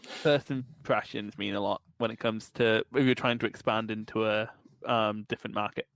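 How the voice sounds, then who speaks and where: A man's voice: lowish voice, fairly even intonation, moderate pace, vocal fry, a bit bright, no echo. A man co-hosting a casual podcast chat, giving blunt opinions and swearing casually. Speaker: podcast co-host.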